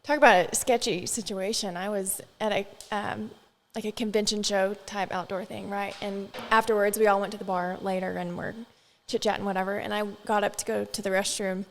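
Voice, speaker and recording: A woman who is a podcast guest, telling an anecdote in an animated way. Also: medium pitch, brisk. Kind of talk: casual storytelling. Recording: roomy with long reverb.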